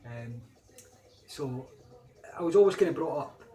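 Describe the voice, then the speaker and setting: Scottish man, a touch high, rambling anecdotes. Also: animated, unhurried, mellow. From Scotland. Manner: rambling and hesitant, turning emphatic when replaying arguments. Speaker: vlogger. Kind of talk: casual anecdotal storytelling.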